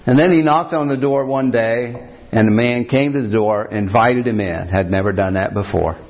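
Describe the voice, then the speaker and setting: A male pastor preaching a sermon, telling a story at an unhurried pace with frequent pauses and "uh"s. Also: medium pitch. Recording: dull lo-fi church recording.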